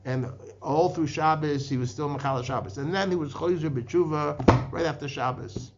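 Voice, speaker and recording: A man teaching a Torah lecture, speaking haltingly with frequent restarts and repeated words as he works through the sources. His English is packed with Hebrew and Aramaic terms. The recording sounds muffled and lo-fi. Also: fairly high pitch, fairly even intonation, very noisy. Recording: dull lo-fi podcast recording.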